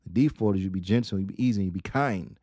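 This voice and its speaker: A man's voice: deep voice, warm tone, no echo, studio quality. Man teaching with rhetorical questions. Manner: rhetorical questions, repeats key phrases, reads Arabic quotes quickly. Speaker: Islamic teacher. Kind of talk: religious lesson.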